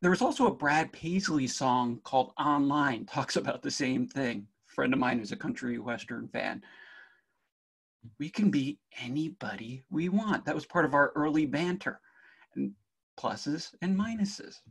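A man's voice: mid-range voice, lively intonation, measured pace, slightly rough. A middle-aged man from New Jersey with a faint Jersey accent, giving a jokey conference talk on cybersecurity and speaking straight to the audience.

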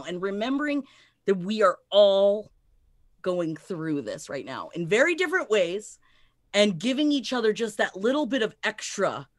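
A woman in casual chat, speaking earnestly and at length in long, heartfelt run-on sentences. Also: medium pitch.

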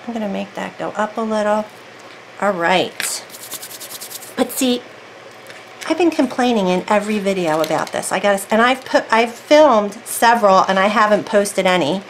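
This craft video creator keeps up a chatty, thinking-aloud monologue while she works on a casual tutorial, pausing often. Her voice is mid-range and moderately paced, and the low-quality recording has faint background noise.

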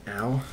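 A young man giving casual gameplay commentary, joking crudely and often clearing his throat. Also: mid-range voice, slight background noise. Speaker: gamer.

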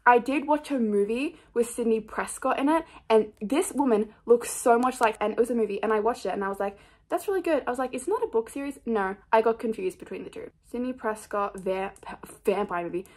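A woman's voice: a little high, fairly quick, a little mellow. A young woman chatting casually about her book picks in a rambling, scattered, self-mocking way, full of fillers. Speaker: book vlogger. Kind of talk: casual chat.

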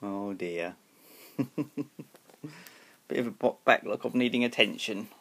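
A man's voice: lowish voice, measured pace, long pauses, fairly bright tone. A man chatting affectionately to his pet and to the camera at home, recorded on a tablet, still in bed early in the morning, laughing often. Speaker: pet owner vlogger. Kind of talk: casual home video chat.

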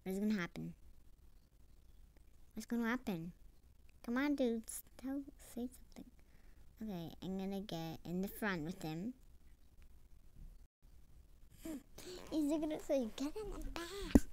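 A woman's voice: mid-range voice, lively intonation, moderate pace, long pauses, a little mellow. A woman giving casual, playful commentary on her own gameplay. She repeats short phrases over and over as she types them, and sometimes drops into a whisper. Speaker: gamer narrating her own play.

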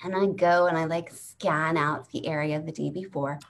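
A woman's voice: low voice, fairly even intonation, moderate pace. A woman in her forties doing a chatty, rambling storytelling set over a video call, acting out the people in her story. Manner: rambling, chatty, acts out voices in her stories. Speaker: stand-up comic. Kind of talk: storytelling stand-up set on a live stream.

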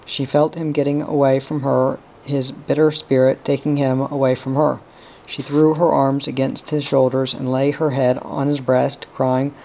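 A man narrating a novel aloud in a steady, even reading voice. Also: mid-range voice, moderate pace, vocal fry, low-quality recording. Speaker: audiobook reader.

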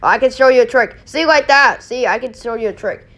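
A woman hosting a casual gameplay video, excitable, yelling and laughing as she plays. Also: a little high, a little fast. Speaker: gaming video host.

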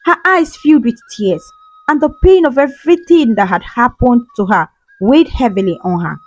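A woman's voice: a little high, expressive, moderate pace, dry recording, rough recording. A woman storyteller giving scripted, dramatic narration of a folktale. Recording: soft music behind.

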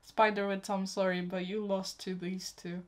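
Hosting a casual YouTube reaction vlog, a young woman speaks directly to her viewers in a mid-range voice at a moderate pace. She gushes openly, letting her excitement and tenderness flow freely, and treats her audience like close friends.

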